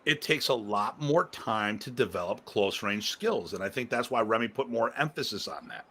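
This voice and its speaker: A man's voice: on the low side, expressive, normal speed, sharp tone, slight background noise. A man hosting a casual live-stream discussion as a martial arts instructor, rambling and emphatic, prone to launching into rants.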